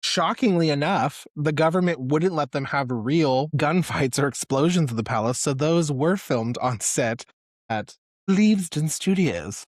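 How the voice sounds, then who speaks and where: A man's voice: on the high side, lively intonation, a little slow, dry recording, clean studio sound. A man co-hosting a film podcast in casual chat, chatty and teasing. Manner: chatty, teasing, full of "like" fillers. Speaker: podcast co-host.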